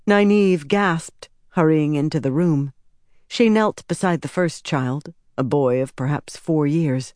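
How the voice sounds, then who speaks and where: A woman narrating an audiobook in a measured, expressive reading. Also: low-pitched, no echo, clean studio sound. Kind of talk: scripted narration.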